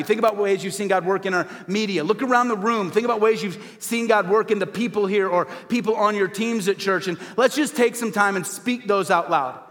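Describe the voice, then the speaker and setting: A man with a fairly high voice preaches to his congregation, building emphatic refrains and calling for responses. His voice rings out with a long reverb from a church sanctuary. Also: a bit bright. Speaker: pastor. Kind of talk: sermon. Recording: hall reverb.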